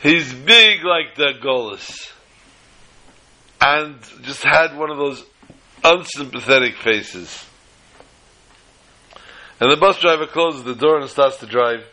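A man and religious teacher, telling humorous stories in a sermon with lively delivery. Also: on the high side, takes it slowly, long pauses, rough recording. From United States. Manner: animated storyteller, shifts between voices. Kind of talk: storytelling sermon with jokes.

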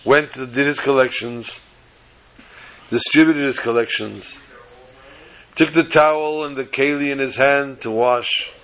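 A man's voice: mid-range voice, a little slow, pauses often, fairly bright tone, rough recording. Man telling a religious tale. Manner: dramatic, paced storytelling. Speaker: religious storyteller. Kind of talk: spoken religious storytelling.

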